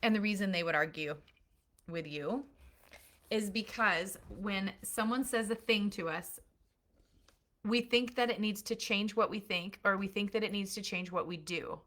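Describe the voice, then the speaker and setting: A woman's voice: medium pitch, measured pace, a bit bright. A woman parenting coach giving an earnest, emphatic recorded lesson built on analogies.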